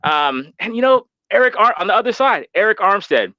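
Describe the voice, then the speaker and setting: A man calling in to a sports show, excited and stammering as he talks about his team. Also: sits high, fairly quick, no room sound. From San Francisco Bay Area. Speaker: caller. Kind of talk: casual sports talk. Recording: dull lo-fi call line.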